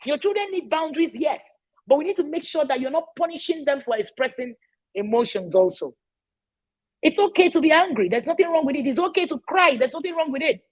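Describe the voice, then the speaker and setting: Addressing parents in a casual way, this middle-aged woman sounds animated, her voice sitting high and moving a little fast. As a parenting educator she stresses her points, repeats key phrases and often asks "all right?" on a rough recording.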